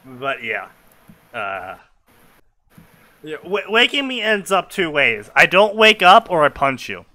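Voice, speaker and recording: A man's voice: on the high side, sing-song, slow pace, bright, forceful tone, dry recording. A young man casually reading fanfiction aloud and commenting, rambling, laughing and swearing.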